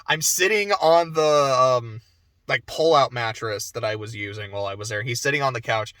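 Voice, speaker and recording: A young man giving a casual spoken game review, animated, swearing and going off on asides. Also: mid-range voice, normal speed, no room sound. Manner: animated, swears, laughs often, trails off into asides.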